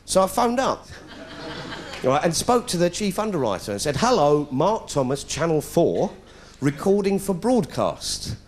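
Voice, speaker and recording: Middle-aged British stand-up, fairly high and very animated, sarcastic storyteller. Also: male voice, unhurried, slight background noise. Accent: British English. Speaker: comedian. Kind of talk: stand-up comedy routine. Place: stage before a live audience.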